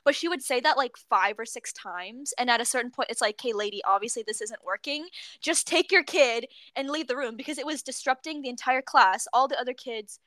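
A young woman co-hosting a casual chat, telling work stories in a giggly, animated way. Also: a little high, brisk, no echo. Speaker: podcast co-host.

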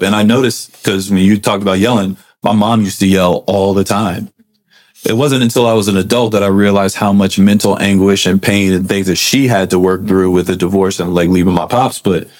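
Lower-voiced man telling a story. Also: a little fast. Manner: storytelling, lively quoted voices. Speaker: podcast co-host. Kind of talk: casual group discussion.

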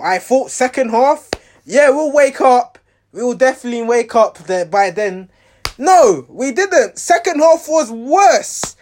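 A man's voice: high-pitched, slight background noise. A man giving a rambling, exasperated reaction to his team's match, restarting his sentences often. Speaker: football fan reviewing a match.

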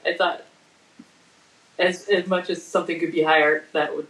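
A woman's voice: fairly low pitch, little pitch movement, normal speed, a bit bright. A woman co-hosting a podcast, chatting casually and agreeably with hesitant, repeated words. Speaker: podcast co-host. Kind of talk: casual chat. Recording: echoey room.

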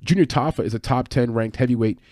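A man's voice: mid-range voice, a little mellow. A man hosting a show on fight betting, talking through picks in a casual, chatty way and correcting himself as he goes. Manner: fast, chatty, with fillers and self-corrections. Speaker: MMA betting podcast host. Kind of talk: casual fight-pick analysis.

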